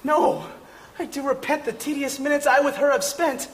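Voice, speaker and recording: Guy doing an impassioned young lover, really high voice for a man, big declaiming verse. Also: normal speed, a little hiss or hum. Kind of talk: Shakespeare stage reading.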